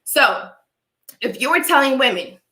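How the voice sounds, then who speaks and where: A woman's voice: high-pitched, expressive, a little slow, pushed and bright, echoey room. A woman with a dry cough from allergies, hosting a live stream and talking her opinions through emphatically, often checking in with viewers. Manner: emphatic, repeats "all right?" to viewers. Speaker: livestream host.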